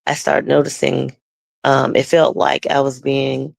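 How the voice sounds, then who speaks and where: A woman shares her personal faith testimony as a guest, voicing the people in her story as she goes. Her voice is deeply gravelly and full of fry. She often loses her words and starts sentences over, and the sound is dry, with no room echo. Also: little pitch movement, measured pace, a little mellow. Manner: storytelling, acting out the other people's lines in the story.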